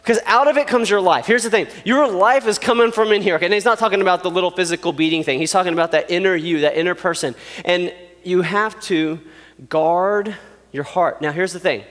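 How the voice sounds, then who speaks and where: A man giving a youth sermon in a playful, animated way, acting out little scenes. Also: high-pitched, fast talker, big-room sound. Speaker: youth pastor.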